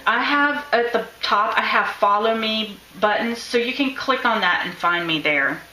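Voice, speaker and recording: A woman's voice: on the high side, moderate pace, sharp tone, reverberant, poor audio. A woman teaching a live-streamed craft class, chatting and encouraging her viewers while she draws. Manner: chatty, encouraging, thinks aloud while drawing.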